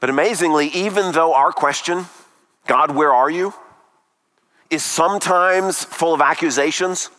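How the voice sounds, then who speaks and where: A man preaching a sermon emphatically, with dramatic pauses and rhetorical questions. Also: on the high side, bright, forceful tone, big-room sound.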